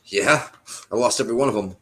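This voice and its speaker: A man's voice: medium pitch, fast, bright, forceful tone, husky. A young man hosting a live stream, bantering and joking in a casual chat.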